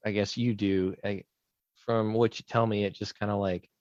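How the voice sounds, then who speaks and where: This podcast co-host has a fairly low, steady voice at normal speed, captured in a dry, lo-fi recording. Chatting casually, he rambles through stories and acts out people's quotes.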